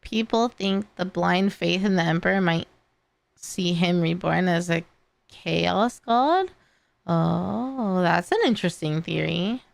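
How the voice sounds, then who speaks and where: A young woman on a live stream reacts to videos and chat, tired and yawning as she rambles with lots of fillers and restarts. Her voice is on the low side and gravelly, animated yet slow, in a dry recording.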